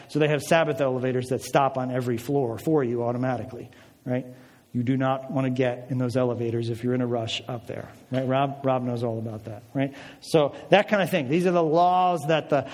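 A man preaching a sermon in a lively, conversational way, often checking in with the audience. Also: on the high side. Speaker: pastor. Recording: reverberant hall.

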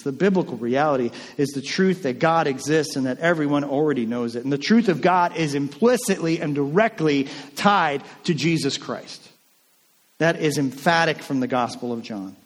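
A man preaching a sermon in a casual, animated way, acting out the lines of the people in the story. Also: mid-range voice, moderate pace, long reverb tail. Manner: conversational and animated, acting out quotes. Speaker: pastor.

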